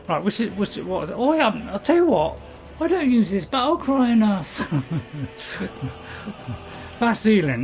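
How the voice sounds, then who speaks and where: High-voiced man rambling over gameplay. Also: darkish tone, a little hiss or hum, low-quality recording. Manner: rambling, self-correcting, chuckling asides. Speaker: gaming channel host. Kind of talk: casual gameplay commentary.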